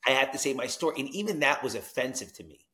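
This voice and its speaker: A man telling his recovery story as a podcast guest, animated, dropping to hushed tones and jumping to loud whoops. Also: medium pitch, quick pace, echoey room. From New Jersey.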